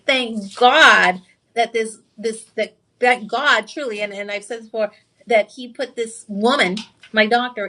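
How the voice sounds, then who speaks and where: A woman presenting jewelry on live TV shopping, excitable and chatty, confiding personal stories and throwing sassy asides to viewers. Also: medium pitch. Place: TV shopping studio.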